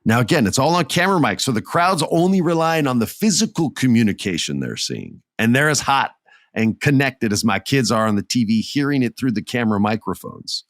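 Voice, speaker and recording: A man's voice: medium pitch, brisk, no room sound, clean studio sound. A man hosting a podcast, animatedly recapping a wrestling event in casual talk and acting out what people said. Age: adult with children. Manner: animated storyteller who acts out quotes. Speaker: podcast host.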